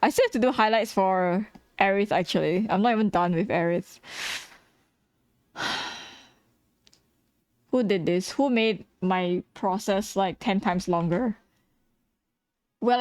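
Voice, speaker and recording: A woman's voice: medium pitch, darkish tone, dry recording. A tired woman streaming as she draws, chatting casually, laughing a lot, swearing and teasing herself. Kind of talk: casual chat while drawing on stream.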